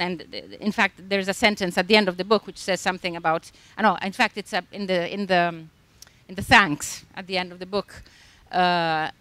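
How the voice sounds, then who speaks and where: A woman's voice: medium pitch, a bit bright, dry recording. A woman from Italy, an author talking thoughtfully on a festival panel with many fillers and restarts. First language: Italian. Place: stage at a literary festival.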